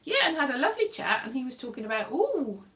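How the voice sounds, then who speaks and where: Woman from Wales, livestream host, fairly high voice, chatty and digressive, keeps losing her thread. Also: big pitch swings, rapid-fire, bright, forceful tone. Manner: chatty, digressive, self-correcting with frequent laughs. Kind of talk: rambling casual chat to viewers.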